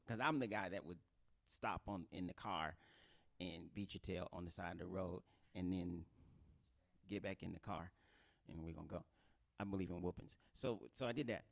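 A man's voice: deep voice, vocal fry. A middle-aged man preaching an informal sermon, talking conversationally and acting out quoted voices. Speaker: pastor.

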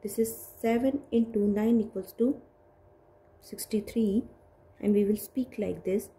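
A woman with an Indian English accent teaching a maths lesson to small children, slow and patient, repeating each step. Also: mid-range voice, steady tone, mellow. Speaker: kindergarten teacher.

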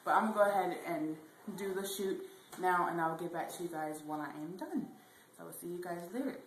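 A woman's voice: fairly low pitch, a little fast, slight background noise. A young woman vlogging casually at home on a handheld camera, chatty, giggly and rambling. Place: house, indoors.

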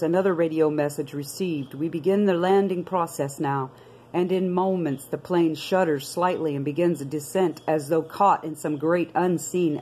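A woman's voice: lowish voice, a little mellow, rough recording. A woman reading a diary aloud and adding earnest commentary, addressing her listeners as brothers and sisters. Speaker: video narrator.

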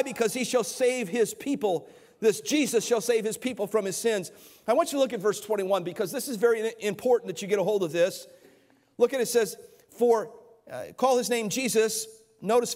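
A man preaches a sermon in a notably high voice, pressing his points earnestly and often restarting or repeating his words. The sound rings out with the long reverb of a church sanctuary. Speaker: pastor.

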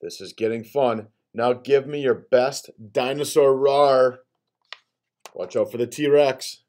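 Man putting on a bossy picture-book character, excitable, higher voice, mellow tone. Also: slow pace, close to an everyday voice. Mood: bossy, playful. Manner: excitable, bossy, animated read-aloud voice.

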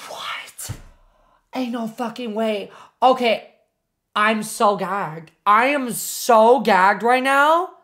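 A woman streamer chatting casually on a live reaction stream, excitable, swearing often and doting on her pets. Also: on the high side, slow pace.

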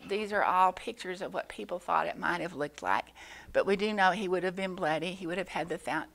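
Woman, lowish voice, Sunday school teacher, patient, halting delivery. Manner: gentle, explanatory, many pauses and fillers. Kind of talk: children's Bible lesson. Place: church.

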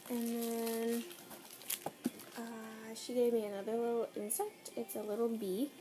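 A woman's voice: a little high, little pitch movement, unhurried, background noise. A teenage girl vlogger chatting casually through an unboxing, bubbly and gushing, giggling often. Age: teens.

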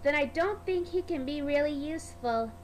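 A woman's voice: high voice, normal speed, slight background noise, close to an everyday voice. A woman voicing a stubborn male tank engine who huffs dismissively. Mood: huffy. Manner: huffy, dismissive.

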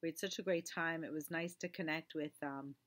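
A woman with a low voice chats casually as a co-host of a yarn shop video. She talks easily, often jumping in to finish her partner's thoughts and supply names. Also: steady tone, brisk, fairly bright tone. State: talking around candy in her mouth. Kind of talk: casual chat.

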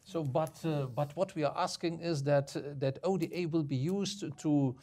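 A man speaking on a panel for a development finance institution, halting, with many fillers and repeated words. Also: on the high side, dark tone. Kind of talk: panel discussion remarks.

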